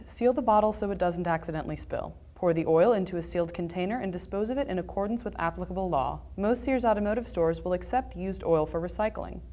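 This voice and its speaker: Woman, lowish voice, scripted how-to voice-over, measured step-by-step delivery. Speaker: narrator of a repair video.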